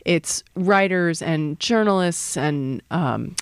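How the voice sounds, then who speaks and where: A woman's voice: on the low side, slow pace, clear, resonant tone, no echo. Woman, middle-aged, linguist, thoughtful explanatory talk, dry close sound. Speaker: linguist, usage panel member. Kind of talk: conversational interview answers.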